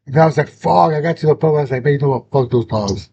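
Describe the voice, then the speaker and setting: A man's voice: rapid-fire, creaky, warm tone. A young man, hosting a casual chat and telling a story full of slang and swearing. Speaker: host. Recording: dull lo-fi sound with faint rumble.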